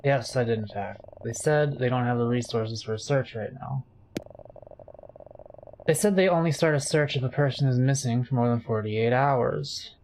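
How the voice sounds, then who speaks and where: A man's voice: mid-range voice, moderate pace, darkish tone, a little hiss or hum, lightly acted, rough recording. A man voicing a polite, subdued game hero who is searching for his missing brother. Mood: worried.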